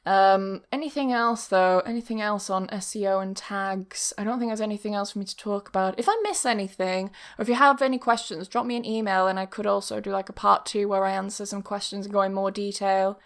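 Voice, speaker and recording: A woman's voice: medium pitch, fairly even intonation, a little fast, few pauses. A woman hosting her own podcast, talking candidly and casually as an online English teacher, with the odd swear word and plenty of "like". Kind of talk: casual solo podcast talk. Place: home setup filmed on camera.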